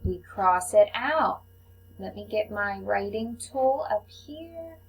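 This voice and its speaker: A woman teaching a phonics lesson to young children, sounding out letters slowly and patiently. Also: medium pitch, animated, poor audio. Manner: slow, patient, clearly enunciated teacher talk.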